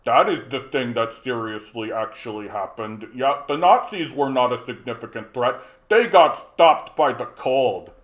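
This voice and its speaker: A man's voice: mid-range voice, lively intonation, unhurried, hardly any pauses, a bit bright. Angry swearing man ranting at a chat. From Canada. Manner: heated, mocking, swears a lot, repeats himself and stumbles. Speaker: livestream host. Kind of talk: angry rant to a live chat.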